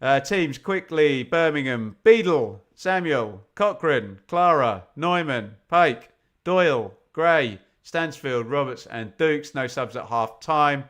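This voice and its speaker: A man from England giving live football commentary on a fan watch-along, chatty and opinionated, with sudden bursts of excitement when chances come. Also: medium pitch, slow pace. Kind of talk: live football commentary mixed with casual chat.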